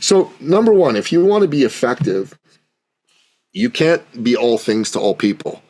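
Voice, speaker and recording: A man with a husky, breathy voice tells a story as a podcast guest. He acts out the dialogue with animation and keeps checking in with his listener. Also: mid-range voice, sing-song, normal speed, darkish tone.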